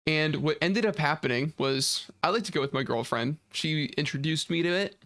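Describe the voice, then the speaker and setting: A man's voice: on the high side, moderate pace, fairly bright tone, dry recording. Rambling young man streaming. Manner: rambling storytelling, acts out quoted voices, laughs often. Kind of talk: casual chat while gaming. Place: home streaming setup.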